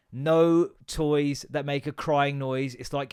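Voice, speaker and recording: A man's voice: medium pitch, takes it slowly, clean tone. A man in his thirties hosting a solo comedy podcast, ranting and swearing with self-mocking asides.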